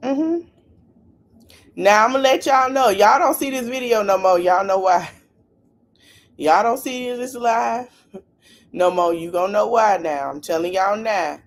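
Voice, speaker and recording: A woman's voice: mid-range voice, unhurried, pauses often. A woman hosting a casual livestream podcast, chatting straight to her viewers with plenty of asides. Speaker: podcast host.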